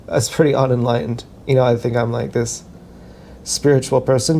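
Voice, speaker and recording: Man, vlogger, gravelly fry, mellow tone, rambling self-mocking monologue, restarts. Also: medium pitch, steady tone, moderate pace, a little hiss or hum. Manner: meandering, self-mocking, thinks aloud with many restarts; talks while dancing.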